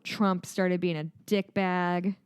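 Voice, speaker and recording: A woman with a Midwestern American accent co-hosting a podcast in casual chat, animated and swearing freely. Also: lowish voice, slow, clear, resonant tone, dry recording. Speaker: podcast co-host.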